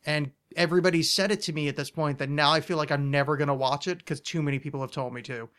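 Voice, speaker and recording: A man's voice: a little high, steady tone, fast, a bit bright, smooth. A man hosting a casual podcast chat, rambling and self-deprecating, often stopping and restarting his sentences. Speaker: podcast host.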